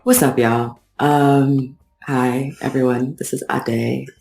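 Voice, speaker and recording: A woman's voice: very deep voice, fairly even intonation, takes it slowly, gravelly, darkish tone, roomy sound, poor audio. A woman co-hosting a podcast, talking casually with dry, self-deprecating wit. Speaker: podcast co-host.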